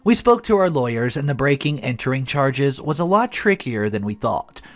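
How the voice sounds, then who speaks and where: A man's voice: mid-range voice, very animated, moderate pace. A man narrating an online story in a dramatic, scripted reading.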